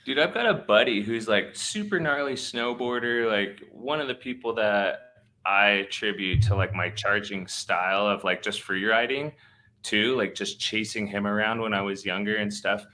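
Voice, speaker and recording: A man's voice: on the low side, normal speed, sharp tone. A man hosting a podcast, telling a long story in a slangy, laid-back way with lots of fillers. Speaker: podcast host. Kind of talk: casual storytelling.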